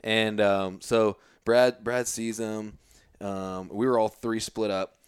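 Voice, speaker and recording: A man recounting a hunt on a podcast in a relaxed, easygoing way, with many fillers. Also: lowish voice, takes it slowly, clean tone, no echo. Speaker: podcast guest and fellow host. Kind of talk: casual podcast chat.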